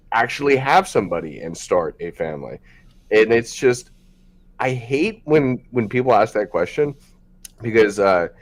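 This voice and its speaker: A man hosting a podcast, talking frankly in a loose, rambling way with many fillers. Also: on the low side. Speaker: podcast host. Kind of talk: casual podcast chat.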